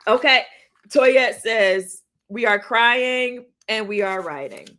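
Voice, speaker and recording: A woman's voice: on the high side, takes it slowly, sharp tone. A woman hosting a casual livestream, talking to her viewers in an encouraging, chatty way. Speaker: livestream host.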